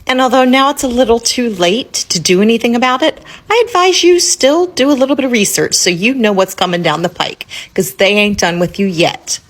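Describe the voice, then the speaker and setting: A woman's voice: fairly high pitch, a little fast, few pauses. A woman ranting about politics, sarcastic and scolding, with swearing. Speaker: commentator. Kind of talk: angry political rant.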